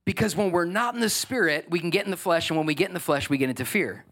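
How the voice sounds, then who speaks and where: A pastor from New York with a fairly high, bright-toned voice talks fast through a sermon, reading scripture and commenting on it. His delivery is animated and emphatic, and he often throws questions at the congregation.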